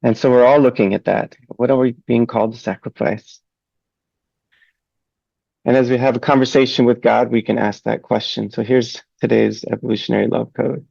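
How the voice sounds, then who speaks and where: A man co-hosting a spiritual talk, sharing gentle, earnest reflections and reading out a short daily code. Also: mid-range voice, steady tone, moderate pace, creaky, dry recording. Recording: dull lo-fi dry sound.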